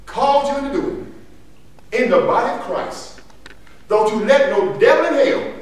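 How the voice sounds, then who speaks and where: Emphatic pastor, lively high voice, echoey room. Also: male voice. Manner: emphatic, repeats phrases, laughs between points. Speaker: pastor leading a Bible lesson. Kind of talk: call-and-response church teaching. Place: church sanctuary. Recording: echoey room from far off, some noise.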